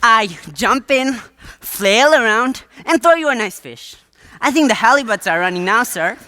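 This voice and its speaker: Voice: medium pitch, lively intonation, normal speed, pushed and bright, dry recording. A teenage student actor playing a wheedling male waterfront huckster in a live school stage play, with a theatrical salesman's patter.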